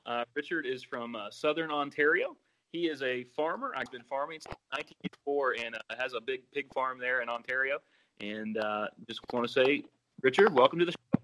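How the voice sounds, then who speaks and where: Bright-voiced man introducing a guest. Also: medium pitch, fairly quick, low-quality recording. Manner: friendly, informal, with fillers. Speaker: podcast host. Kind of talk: interview introduction.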